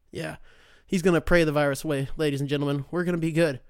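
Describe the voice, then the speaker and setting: A man's voice: on the high side, fairly even intonation, fairly quick, clear, resonant tone, dry recording, studio quality. Profane rambling young man. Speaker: podcast host. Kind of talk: casual solo commentary.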